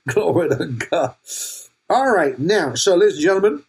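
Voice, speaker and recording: An older male pastor delivers a playful, joking sermon with a husky voice. He checks in with the congregation and calls on people by name. His delivery stays loose and conversational. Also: a little high, sing-song, slow. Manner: playful, jokey preaching with laughs and call-outs to the congregation.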